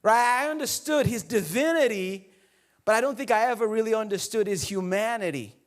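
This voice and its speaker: High-voiced casual pastor preaching. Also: male voice, fairly quick. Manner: casual, joking, talks straight to the congregation. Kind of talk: sermon. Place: church hall before a congregation.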